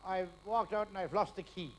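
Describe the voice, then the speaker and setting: An older man telling stand-up jokes on stage, firing punchlines fast and dropping quietly into the characters' lines. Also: high-pitched. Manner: rapid punchline delivery, drops to quiet asides for quotes. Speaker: stand-up comedian. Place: live stage before a laughing audience. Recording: live crowd, faint hiss.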